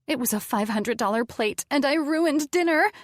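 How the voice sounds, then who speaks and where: A woman playing a shrill, panicking young woman. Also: expressive, moderate pace, dry recording, clean studio sound. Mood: panicked. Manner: shrill, shaky, pleading.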